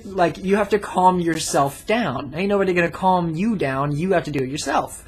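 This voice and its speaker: A man's voice: high-pitched, brisk, few pauses, slight background noise. Young guy rambling through a story, swears a lot, lots of likes and you knows. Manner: rambling, swears freely, many fillers. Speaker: vlogger. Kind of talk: casual storytelling.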